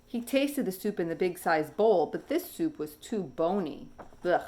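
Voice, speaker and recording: A woman teacher reading a picture book aloud in a slow, expressive storybook manner. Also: fairly low pitch.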